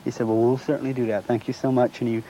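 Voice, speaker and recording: A man's voice: medium pitch, little pitch movement, rapid-fire, mellow, slight background noise, low-quality recording. A middle-aged man being interviewed, recounting a personal experience and acting out the dialogue of the people involved. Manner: acts out quoted dialogue while retelling. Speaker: eyewitness interviewee.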